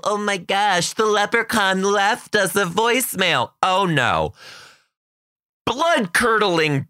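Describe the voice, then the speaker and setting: A man's voice: fairly high pitch, pushed and bright, clear, resonant tone, no echo, clean studio sound. A man in his thirties telling a funny story in a chatty, self-mocking way. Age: 30s. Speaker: podcast host, kindergarten teacher. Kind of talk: casual storytelling.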